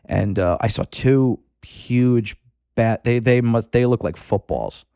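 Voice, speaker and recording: A man's voice: mid-range voice, takes it slowly, gravelly, dark tone, smooth, no room sound, clean studio sound. Man telling a rambling fishing story. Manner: rambling, profane anecdote-telling with frequent restarts. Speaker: podcast guest, fishing club member. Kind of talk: casual storytelling.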